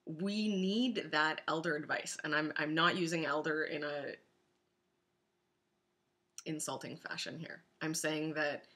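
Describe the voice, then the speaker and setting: Woman vlogger, middle-aged, earnest and direct, bright clear tone, slightly low pitch. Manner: earnest, direct, addressing women listeners. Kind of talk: casual spoken blog post.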